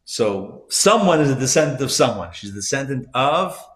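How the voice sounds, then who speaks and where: Rabbi guy giving a live class, chatty, lots of asides, goes loud then real quiet. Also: mid-range voice, very animated, normal speed. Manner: conversational, wandering asides and self-corrections; swings between loud emphasis and soft hushed moments. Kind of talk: live class lecture with storytelling. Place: class room at a community center.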